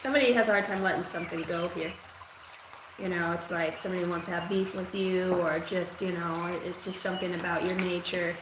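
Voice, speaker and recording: A woman's voice: on the low side, brisk. A woman giving a live-streamed psychic reading, talking in a rambling, profane, streetwise way. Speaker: psychic reader. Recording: echoey room with steady noise.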